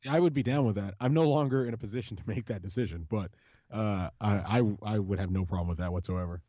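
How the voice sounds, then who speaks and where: A man with a mellow, dark voice chats on a podcast, rambling through fan stories with many restarts and plenty of swearing. The sound is dry and a little muffled, with no room echo. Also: on the low side, fast talker. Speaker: podcast co-host, supporters' group leader. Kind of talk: casual podcast chat.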